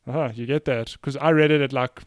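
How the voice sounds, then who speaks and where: A man co-hosting a gaming podcast, talking in an easygoing way, laughing often and filling pauses with hesitant ums. His voice is mid-pitched and recorded close and dry. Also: steady tone, no echo. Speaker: podcast co-host. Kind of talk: casual gaming podcast chat.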